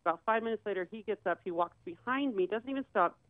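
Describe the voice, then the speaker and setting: A woman's voice: medium pitch, quick pace, dry recording. A woman tells a dramatic personal story in vivid detail and slips into the voices of the people she quotes. Her voice comes through thin and boxy, like a phone line, with no room sound around it. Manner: vivid, acts out quoted dialogue. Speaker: guest sharing her story. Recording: tinny phone-like dry sound.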